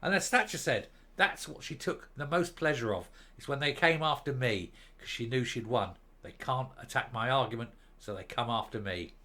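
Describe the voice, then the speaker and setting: A man's voice: medium pitch, normal speed, hardly any pauses, bright, forceful tone. A man giving opinionated, sarcastic commentary on a news article in a ranting manner. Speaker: commentary vlogger.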